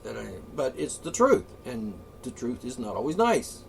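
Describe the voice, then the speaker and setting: A man ranting off the cuff, profane and rambling, with frequent asides and throat-clearing. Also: on the high side, sing-song, a little fast, few pauses, darkish tone. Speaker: political ranter. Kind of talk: off-the-cuff solo rant. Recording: voice a bit far from the mic, faint ambient noise.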